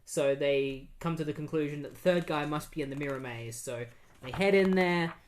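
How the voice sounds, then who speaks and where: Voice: mid-range voice, normal speed, slight background noise. A podcast host casually recapping a comic book issue, chatty and with many fillers.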